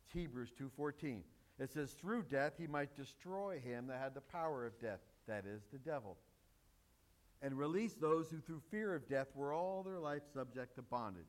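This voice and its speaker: A man's voice: medium pitch, expressive, normal speed. A male pastor preaching a sermon, emphatic and joking with the congregation.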